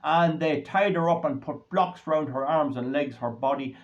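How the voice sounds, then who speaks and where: A man's voice: on the high side, moderate pace. An Irish man hosting his own channel, delivering a rambling, indignant solo monologue that grows heated. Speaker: host of a commentary channel. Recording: dull lo-fi recording.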